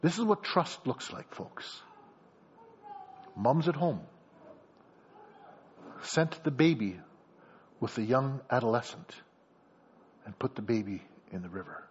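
A man preaches a sermon in a mid-range voice, moving slowly and pausing often as he animatedly acts out a story scene by scene and calls on the congregation. The recording has a dull lo-fi quality with slight background noise.

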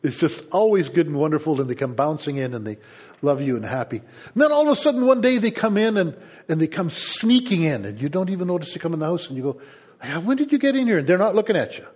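A man's voice: on the high side, big pitch swings, quick pace, a little mellow, husky, highs cut off. A man preaching a sermon in a conversational way, with playful asides to the congregation. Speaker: pastor.

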